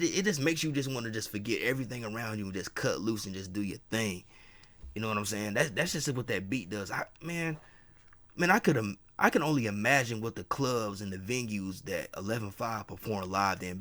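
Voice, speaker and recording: A man with a somewhat low voice talks through an album review in a loose, unscripted way. He gets enthusiastic, circles back over his points and peppers his talk with "man" and "you know.". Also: a bit bright. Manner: enthusiastic, repeats himself, says "man" a lot. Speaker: music reviewer. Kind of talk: casual album review monologue.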